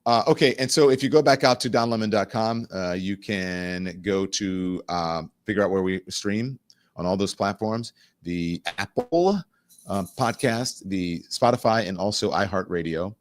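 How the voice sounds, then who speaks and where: Male talk-show host, slightly low voice, candid casual delivery, animated and direct to the audience. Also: normal speed, no room sound. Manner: candid, animated, talks straight to viewers. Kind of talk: casual livestream commentary.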